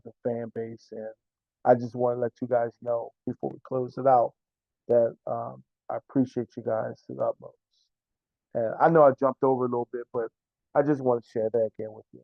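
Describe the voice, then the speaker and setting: A man's voice: medium pitch, creaky, dry recording. Earnest man on a tinny phone line. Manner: earnest, repeats himself, stumbles over words. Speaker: team general manager and coach. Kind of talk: emotional interview answers.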